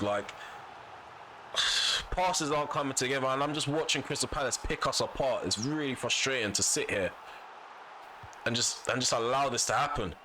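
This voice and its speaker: A man's voice: medium pitch, steady tone, unhurried, pauses often, pushed and bright, slight background noise. A man commentating casually on his own football video game, venting and repeating himself when annoyed. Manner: frustrated, vents and repeats himself. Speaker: gaming YouTuber.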